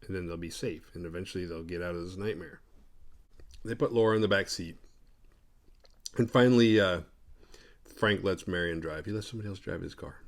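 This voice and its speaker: A man's voice: lowish voice, a bit bright. Sarcastic man recapping a horror film. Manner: profane, sarcastic, acts out characters in quick voices. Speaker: horror movie recap host. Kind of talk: comedic movie recap.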